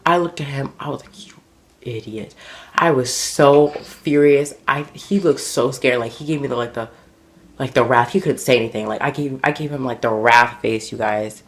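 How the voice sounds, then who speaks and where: A man vlogging, telling embarrassing stories in an animated, dramatic way, full of fillers. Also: medium pitch, normal speed. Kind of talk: casual storytelling to camera.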